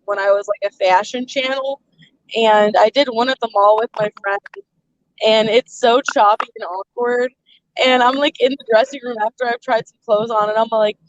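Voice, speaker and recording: A woman hosting a live stream in casual chat, chatty and quick to laugh at herself. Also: a little high, fairly even intonation, no echo. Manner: chatty, laughs often, self-deprecating. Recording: muffled lo-fi sound.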